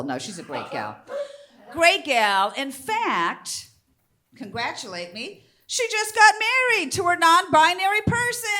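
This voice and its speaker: A woman in her fifties doing a stand-up comedy set on a theater stage, brassy and bawdy as she teases the crowd. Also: extremely high pitch. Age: 50s.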